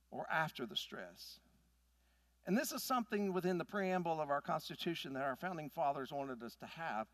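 A man, preaching a sermon in an animated, folksy storytelling manner. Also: a little high, no echo, clean studio sound. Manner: animated, folksy storytelling with big swings in loudness. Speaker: pastor.

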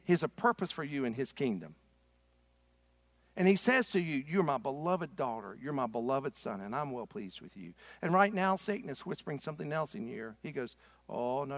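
A man pastor preaching a sermon, rising to loud, forceful stretches and dropping to soft, slow ones. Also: fairly high pitch, no echo.

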